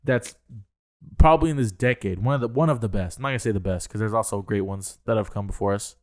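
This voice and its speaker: A man's voice: lowish voice, fast talker, darkish tone. A young man co-hosting a podcast, ranting heatedly with heavy swearing. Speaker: podcast co-host. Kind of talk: casual chat.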